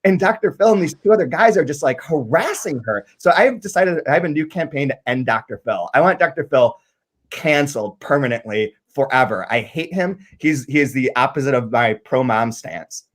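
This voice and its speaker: A man's voice: mid-range voice, expressive, normal speed. A man from Michigan hosting a podcast, chatting casually and animatedly about a book, swearing freely and restarting his sentences. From Michigan, USA. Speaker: podcast host.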